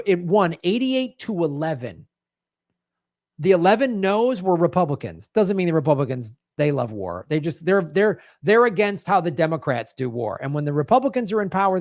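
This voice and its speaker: A man's voice: high-pitched, dry recording. Fired-up guy comic ranting sarcastically, dry mic. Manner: sarcastic, heated, acts out mocking quotes. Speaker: stand-up comedian host. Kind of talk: ranting political commentary.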